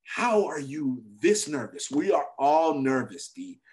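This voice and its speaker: A middle-aged male comedian, a guest in an interview, telling a story with animated delivery and acting out the lines of other people. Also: fairly high pitch, unhurried.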